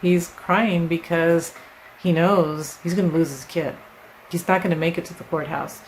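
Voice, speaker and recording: A woman's voice: fairly low pitch, steady tone, normal speed, a little hiss or hum, low-quality recording. A woman hosting her own channel, explaining writing craft in a casual, conversational teaching style, often checking in with "right?" as she works through an example. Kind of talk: casual instructional talk to camera.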